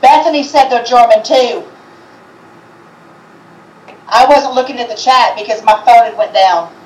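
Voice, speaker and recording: A woman with a somewhat high voice talks in a halting, hesitant way, often restarting her sentences. She sounds set back from the mic, and the room around her rings with echo. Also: a little mellow, far from the mic. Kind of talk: casual chat on a livestream. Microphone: video call.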